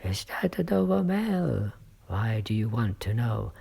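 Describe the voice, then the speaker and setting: A man doing a gruff barking coach guard. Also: lowish voice, big pitch swings, unhurried, pitched above the performer's own voice, full character voice. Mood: challenging. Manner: barking, threatening shouts.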